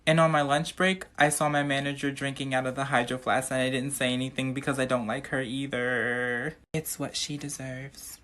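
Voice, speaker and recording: A woman's voice: a bass voice, little pitch movement, brisk, hardly any pauses, a bit bright. Woman, casual storytime, sassy, gossipy.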